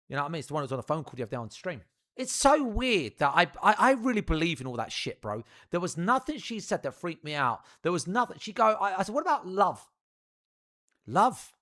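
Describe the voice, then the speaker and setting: A man's voice: fairly high pitch, a bit bright. A young man telling a rambling, profane story to his live stream audience.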